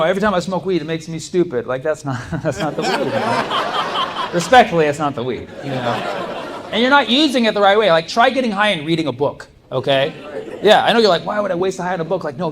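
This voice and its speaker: On a comedy club stage, a man with a mid-range voice runs through a loose, chatty stand-up set, laughing as he lands each punchline. Audience noise from the live club fills the recording.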